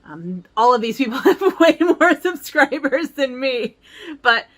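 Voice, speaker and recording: A woman's voice: sits high, big pitch swings, measured pace, a bit bright. A woman in her forties, chatting casually and rambling a little as she shows her stitching books at home. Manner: chatty, upbeat, rambling with fillers. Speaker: cross-stitch vlogger. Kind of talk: casual chat.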